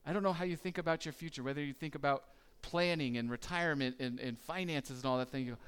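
A man's voice: a little high, fairly quick, smooth. A man preaching a conversational sermon, asking the listeners questions and acting out their worries. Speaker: pastor.

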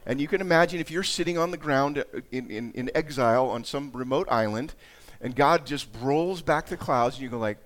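A man delivering a sermon in an easy, conversational way, his voice sitting a little higher than most men's. He restarts phrases and repeats words as he thinks aloud. When he reads scripture, his voice climbs and grows more dramatic. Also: lively intonation, fairly quick. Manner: conversational, dramatic rises in voice while reading scripture. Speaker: pastor.

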